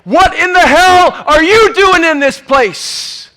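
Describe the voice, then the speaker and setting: A preacher acting out a scruffy, angry man yelling at him across a bar. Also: high voice, sing-song, a little slow, full character voice. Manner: shouting, confrontational.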